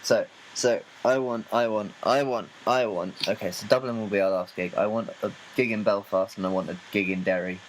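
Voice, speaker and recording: A man's voice: lowish voice, fairly even intonation, brisk, hardly any pauses, slight background noise, poor audio. A man co-hosting a casual comedy podcast, talking in a playful way and jumping into silly bits. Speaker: podcast co-host.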